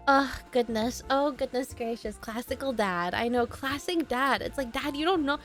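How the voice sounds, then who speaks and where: A young woman from Canada, streaming and chatting casually with viewers, telling stories in an animated way with frequent laughs. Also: high voice, moderate pace, few pauses, soft background music. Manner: animated storytelling, acts out quotes, laughs often. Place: home streaming setup.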